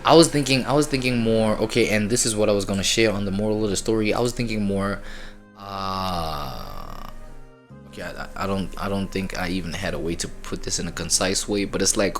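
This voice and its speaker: A man's voice: low-pitched, brisk, faint music behind. A man hosting a reaction video, rambling in casual slang with lots of fillers.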